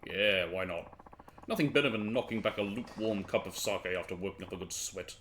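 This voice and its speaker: A man voicing a boisterous drunk middle-aged former baseball pitcher, talking in folksy old-timey slang. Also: brisk, fairly bright tone, slight background noise, lightly acted. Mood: jovial. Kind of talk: reading game dialogue aloud.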